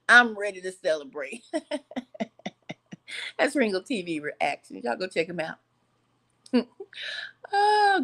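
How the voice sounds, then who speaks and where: Talking straight to the camera on her casual vlog, the channel host has a medium-pitched, fairly bright voice. Frequent laughter breaks up her talk, and at times she falls into the rhythm of a preacher.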